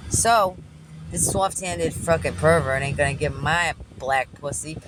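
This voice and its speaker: A woman telling a story in a loud, animated, profane way, recorded in a car. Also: low voice, moderate pace, noisy background. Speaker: delivery driver and vlogger. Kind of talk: casual storytelling.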